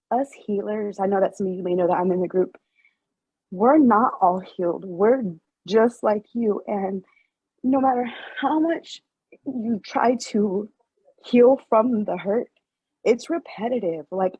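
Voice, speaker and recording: Halting, emotional woman sharing in class. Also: medium pitch, darkish tone, breathy edge, dry recording. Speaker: class participant and healer. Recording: dull, dry lo-fi sound.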